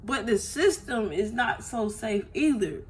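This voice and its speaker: Woman venting on a phone vlog, cusses a lot, keeps going "you know what im saying", kinda high voice. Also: lively intonation, unhurried. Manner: emotional, blunt, swears freely. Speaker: vlogger. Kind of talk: casual storytelling to viewers.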